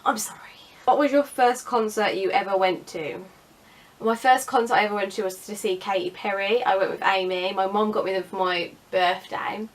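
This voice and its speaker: A woman's voice: mid-range voice, steady tone, normal speed. A young woman chatting casually in a vlog, sarcastic and self-mocking. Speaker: vlogger.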